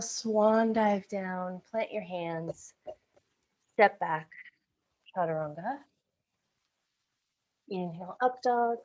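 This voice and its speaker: A woman leading a live-streamed yoga class, calmly cueing breaths and poses, a little out of breath, heard over a video call. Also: medium pitch. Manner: calm breath-paced cueing, occasional self-corrections. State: slightly out of breath. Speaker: yoga instructor.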